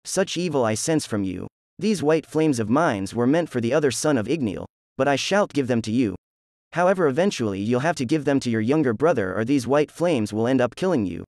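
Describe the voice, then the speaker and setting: A man's voice: medium pitch, expressive, a little fast, a little mellow, no room sound, studio quality, close to an everyday voice. A man voicing a grim dying white dragon. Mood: ominous.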